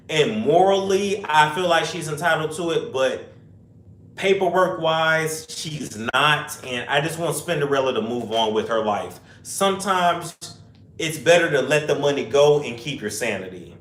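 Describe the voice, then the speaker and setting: A man's voice: a little high, a bit bright. A young man hosting a casual livestream chat, reading viewer comments aloud and answering in rambling asides. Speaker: host. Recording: echoey room.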